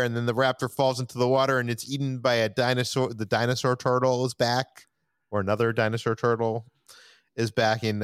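A man's voice: medium pitch, clean tone, dry recording, clean studio sound. A man hosting a casual podcast, recapping plot points and asking his co-hosts questions between laughs. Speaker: podcast host.

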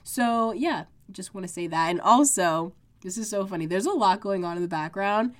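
A woman's voice: medium pitch, moderate pace. A young woman from the United States hosting her own podcast, talking casually and full of fillers while sick and congested, recorded at home. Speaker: podcast host. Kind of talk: casual solo podcast chat. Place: home room with makeshift sound panels.

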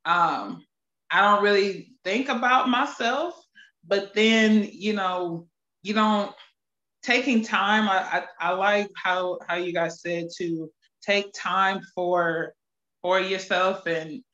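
A woman's voice: mid-range voice, slow pace, pushed and bright. A woman on a podcast panel, speaking reflectively and thinking aloud. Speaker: panel guest. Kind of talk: casual podcast discussion. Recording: roomy, dull lo-fi audio.

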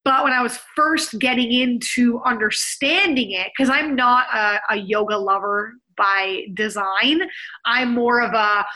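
A woman in her thirties talks straight to her listeners with lots of energy and emphasis. Her voice sits high and sounds bright and sharp. She coaches in a friendly, conversational way. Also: measured pace, rough recording. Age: 30s. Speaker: podcast host. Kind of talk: solo podcast monologue.

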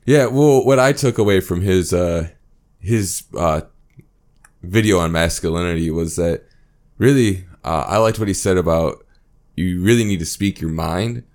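Deep-voiced laid-back man chatting. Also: measured pace, a little mellow. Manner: laid-back, hesitant, with frequent laughs. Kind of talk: casual chat.

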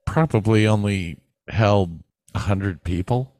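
Recorded in Texas with studio quality and no echo, a male podcast co-host swears freely and rambles through stories as he chats casually. His northern US-accented voice is on the low side and a little mellow, and he takes it slowly.

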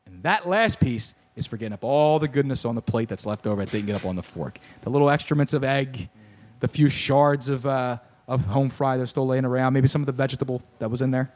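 A young man hosting a podcast, telling a story in casual sports-talk banter, animated, riffing and ranting with laughs. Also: mid-range voice, fast talker. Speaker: podcast host.

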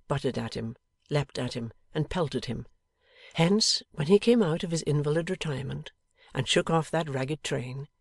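A man reading a classic novel aloud as an audiobook narrator, in a measured, dramatic way. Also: mid-range voice, creaky, no room sound. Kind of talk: scripted narration.

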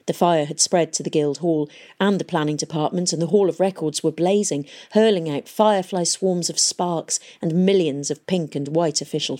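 A woman reading an audiobook in a measured, even storytelling manner. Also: lowish voice. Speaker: audiobook narrator. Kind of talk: scripted audiobook narration.

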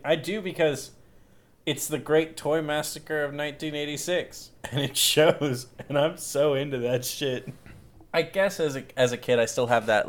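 Easygoing man co-hosting a podcast. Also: mid-range voice. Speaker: podcast co-host. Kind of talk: casual chat.

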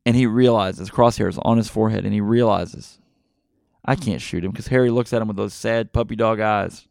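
A middle-aged man hosting a podcast, retelling a movie plot in a rambling, excitable way with many fillers and restarts. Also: on the low side, a little fast, gravelly, dry recording, clean studio sound. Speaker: podcast host. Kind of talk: casual movie podcast chat.

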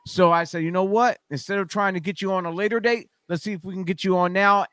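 Male podcast host, high voice, rambling with restarts, dry close recording. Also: steady tone, fast talker, fairly bright tone, no echo. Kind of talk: casual podcast chat.

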